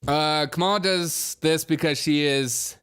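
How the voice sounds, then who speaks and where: A man's voice: a little high, steady tone, a little slow, a bit bright, clear, resonant tone. A man hosting a comedic news commentary show, mocking and laughing often as he slips into put-on accents.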